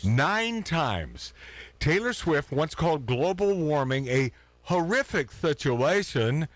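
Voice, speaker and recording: A man's voice: on the high side, sing-song, takes it slowly, no room sound. A man hosting a casual talk radio show, sarcastic and laughing at his own jokes.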